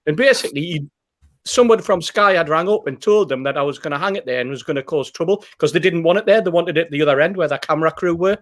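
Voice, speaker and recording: Bloke rambling thru a story, bit higher voice, lots of ums. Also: male voice, fast talker. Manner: rambling, anecdotal, with fillers and repeats. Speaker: podcast host. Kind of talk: casual storytelling chat.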